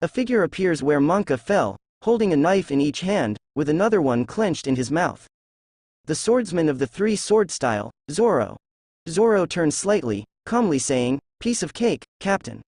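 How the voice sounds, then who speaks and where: A man narrating a fan novel aloud in a steady reading voice. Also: fairly high pitch, moderate pace, dry recording, clean studio sound. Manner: steady reading, reads characters' lines in the same voice.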